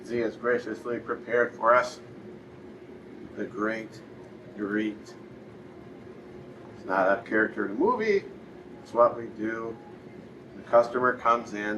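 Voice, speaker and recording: A man co-hosting a casual business chat, talking in a relaxed, loose way. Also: lowish voice, a little slow, long pauses. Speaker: furniture store co-host. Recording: bright, distant mic with faint noise.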